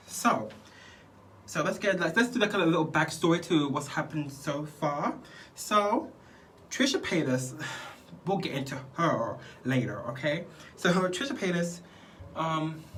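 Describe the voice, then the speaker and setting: A man's voice: fairly high pitch, fairly bright tone, distant mic, slight background noise. A man vlogging casually while doing his skincare, rambling and chatty and laughing often. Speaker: beauty vlogger.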